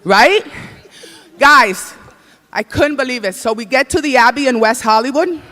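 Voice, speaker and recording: Guy hosting a comedy night, super high bright voice, flamboyant. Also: measured pace. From Dominican Republic. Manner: flamboyant, exclaims in Spanish. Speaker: comedy awards host. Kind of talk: stand-up hosting. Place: comedy stage before a live audience.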